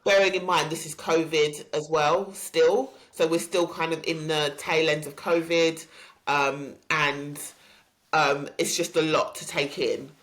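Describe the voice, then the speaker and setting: A woman, hosting a podcast and candidly recounting a personal story with many pauses and ums. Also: low voice, fairly even intonation, fairly bright tone. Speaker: podcast host.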